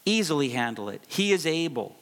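Middle-aged guy preaching, leans hard on repeated lines, voice kinda high, big echoey sanctuary. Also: sing-song, brisk, a bit bright. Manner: emphatic, repeats key phrases for effect. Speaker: pastor. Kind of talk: sermon. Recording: long reverb of a large hall.

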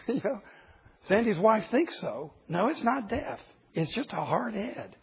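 A man's voice: high voice, animated, unhurried, husky. A man in his fifties, a pastor preaching a sermon in an emphatic, humorous storytelling way. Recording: dull lo-fi recording.

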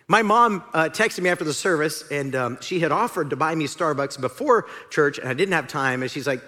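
A man's voice: fairly high pitch, very animated, moderate pace, pushed and bright. A male pastor preaching a sermon in a conversational, storytelling manner in a church sanctuary. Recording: long reverb of a large hall.

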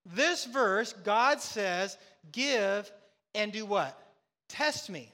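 A male pastor preaches with emphatic, rhetorical force, firing questions and answering them himself. His voice sits high and sounds bright, carried by the long reverb of a large hall. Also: expressive, drawn-out words. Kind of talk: sermon.

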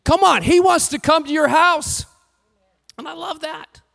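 A man preaches with animated delivery, his voice pitched very high and gravelly. He rises to shouts and acts out what the figures say. His words ring through a hall with a long reverb. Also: measured pace. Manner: animated, shouting at peaks, acting out quotes. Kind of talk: sermon.

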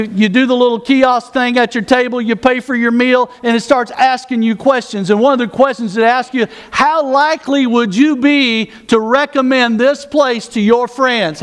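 A pastor preaching a sermon in a conversational way, with self-mocking asides and repeated words. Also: male voice, very high voice, clean tone.

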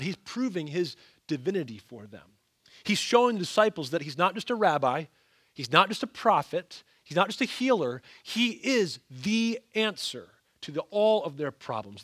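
Guy preaching a sermon, kinda high voice, goes loud then real quiet, dry close sound. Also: breathy edge, no echo. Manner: expressive, rhetorical questions to the congregation, sudden soft drops. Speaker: pastor.

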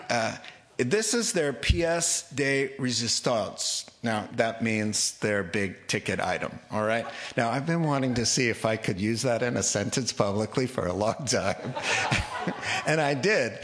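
A man preaching a sermon in an animated, humorous way, acting out the figures in his story. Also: medium pitch.

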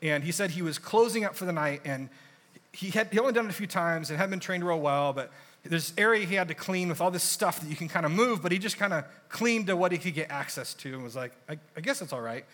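Young male pastor, fairly high, bright voice; casual, animated sermon delivery. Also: quick pace. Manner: conversational, animated storytelling with asides.

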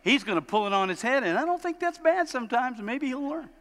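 Pastor guy preaching, animated storyteller, bright sharp voice, church hall echo. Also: fast. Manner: animated, acts out quoted parents in high voices. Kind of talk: sermon. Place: church sanctuary. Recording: long hall reverb.

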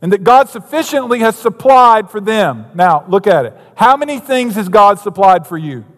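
A man's voice: sits high, lively intonation, normal speed, fairly bright tone. A man preaching a sermon as pastor, telling a story and then driving his points home with emphasis. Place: church sanctuary. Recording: long hall reverb.

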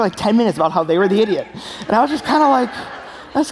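A young man preaching a sermon in a church, telling stories with an animated, laughing delivery. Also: very high voice, a little fast, long reverb tail. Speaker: pastor.

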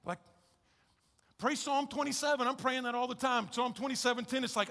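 A man's voice: very high voice, a little fast, fairly bright tone. A man preaching a sermon as a pastor, emphatic and conversational, often telling listeners to listen. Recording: reverberant hall sound.

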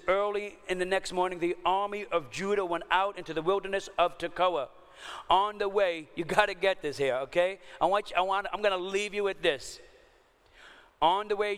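A man preaching a sermon as pastor, emphatic, dropping to hushed low lines and rising to urgent raised ones. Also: long reverb tail.

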